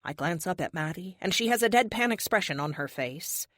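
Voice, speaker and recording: A woman narrating a superhero audiobook in the first person, brisk and wry. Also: lowish voice, expressive, fairly bright tone, no echo, studio quality.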